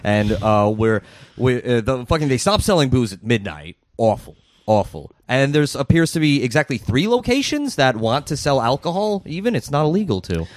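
A man's voice: mid-range voice, sing-song, normal speed, no room sound. A man co-hosting a casual podcast, rambling and sardonic, with lots of swearing.

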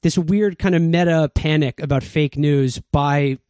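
A man's voice: a little high, a little slow, a little mellow, clear, resonant tone, dry recording, studio quality. A man interviewing a guest in a conversational way, wry and dryly joking.

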